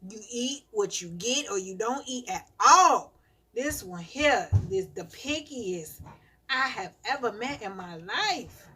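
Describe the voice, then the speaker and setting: A woman chats on a live stream and rants in a lively way about her young kids, breaking into laughter now and then. Her voice is husky with a sharp, bright edge, and she draws her words out slowly. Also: on the high side. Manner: animated ranting storytelling, laughing often. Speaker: mother of young children. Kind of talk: casual live-stream chat.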